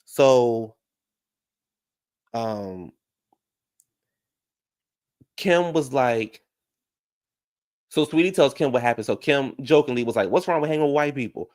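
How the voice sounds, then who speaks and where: A man hosting a casual YouTube show, recapping a reality TV episode and talking to his viewers in chat, jumping into animated high voices when he quotes people. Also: slow, long pauses. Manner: talks back to viewers in chat. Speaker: YouTube reaction show host.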